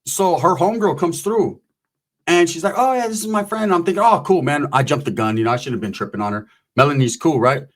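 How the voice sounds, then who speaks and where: A man spins a crude street story in a loose, rambling style, swearing freely and leaning on slang. His voice sits a bit higher than most men's. He drops into acted-out voices for the people in the tale. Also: fairly quick. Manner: profane, rambling, slangy, acts out quoted voices. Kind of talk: casual crude anecdote telling.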